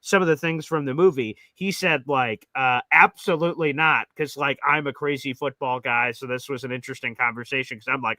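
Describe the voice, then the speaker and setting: A man's voice: on the high side, normal speed, hardly any pauses, no echo, rough recording. A man hosting a sports talk show, telling stories and acting out the people he quotes. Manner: animated storyteller acting out quotes. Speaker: podcast host. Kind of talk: casual sports talk storytelling.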